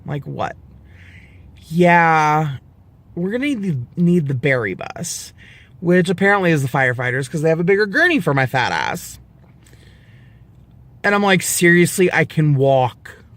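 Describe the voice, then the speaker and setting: A man in his twenties with a fairly high pitch talks fairly quickly, telling a personal story to camera in a casual vlog. Animated and profane, he imitates the people he quotes.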